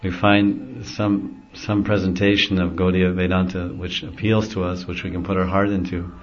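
Man, deep voice, spiritual teacher, devotional talk, relaxed with frequent chuckles, dull lo-fi sound. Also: moderate pace. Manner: easygoing, chuckles often while explaining. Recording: dull lo-fi recording.

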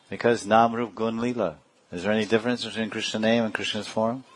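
A middle-aged man delivers a devotional lecture, his voice sitting a little low. He recites verses in Sanskrit, then unpacks them word by word with chuckles along the way. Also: steady tone, a little fast, slight background noise. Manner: chanting Sanskrit verses and explaining them with laughs. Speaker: spiritual teacher.

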